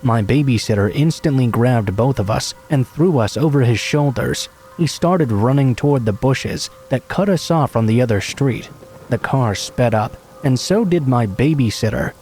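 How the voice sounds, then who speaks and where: A man narrating true scary stories in a steady, measured storytelling voice. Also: mid-range voice, faint music behind.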